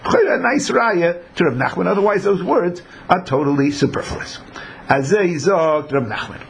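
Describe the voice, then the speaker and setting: A man's voice: high voice, animated, moderate pace, vocal fry, a little hiss or hum. A man teaching a Talmud class who acts out the people in his examples. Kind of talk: Talmud lecture.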